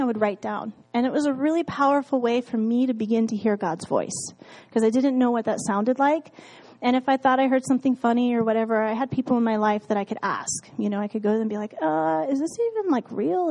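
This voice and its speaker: A woman's voice: on the high side, darkish tone, low-quality recording. A married woman casually telling her faith story, candid, with frequent fillers and laughs. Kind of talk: casual testimony talk.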